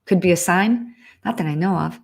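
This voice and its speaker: A woman's voice: on the low side, moderate pace, gravelly, a little mellow. Chatty woman hosting a casual livestream. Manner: chatty, earnest, breaks off and restarts often. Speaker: livestream host. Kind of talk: casual live-stream chat, reading viewer comments.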